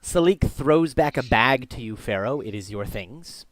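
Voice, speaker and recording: A man's voice: mid-range voice, animated, measured pace, no echo. A man running a tabletop game as game master, narrating the scene with frequent ums and uhs.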